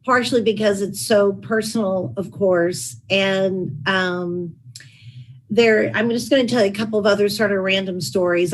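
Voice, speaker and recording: Middle-aged lady reading from her book, kinda raspy, dry funny storyteller. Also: mid-range voice, rough recording. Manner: wry storytelling with dry asides. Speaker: author and former chief of staff. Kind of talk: reading aloud from her book at a public talk.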